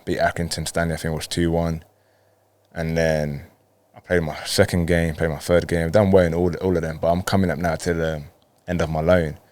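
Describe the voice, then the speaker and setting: A young man from Colombia, a professional footballer telling his story in a laid-back way, acting out quick bits of dialogue. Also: low-pitched, a little mellow, dry recording. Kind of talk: casual storytelling interview.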